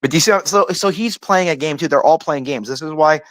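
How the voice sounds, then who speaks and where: Guy ranting hard, kinda high voice, swears a lot, says dude every other word, stutters on restarts, super dry mic. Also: quick pace, a bit bright, dry recording. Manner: profane, rambling, heavy use of "like" and "dude"; restarts and stammers when worked up. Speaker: panel host. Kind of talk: heated casual political rant.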